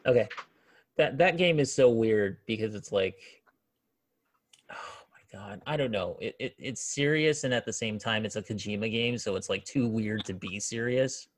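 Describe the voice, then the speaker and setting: A man with a lowish voice chatting casually. He stumbles and restarts, circling his point without ever quite landing it. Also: moderate pace. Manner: hesitant, trails off and restarts. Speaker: podcast co-host. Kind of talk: casual chat.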